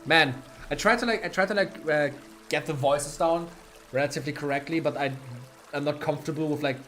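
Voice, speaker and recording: A man's voice: fairly high pitch, brisk, fairly bright tone. A man with a German accent chatting casually while playing a game, thinking aloud and laughing often, with faint game music behind. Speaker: streamer. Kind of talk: casual gameplay commentary.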